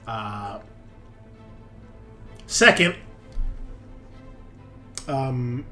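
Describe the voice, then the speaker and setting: A man's voice: mid-range voice, lively intonation, extremely slow, pushed and bright, faint music behind. A man narrating as game master of a tabletop game, casual, joking and profane.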